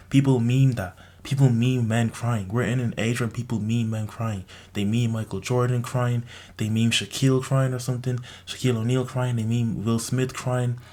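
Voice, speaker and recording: Young dude giving blunt sweary advice to camera, lots of fillers. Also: male voice, medium pitch. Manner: blunt, profane, lecturing with many fillers. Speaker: vlogger. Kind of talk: casual advice monologue to camera.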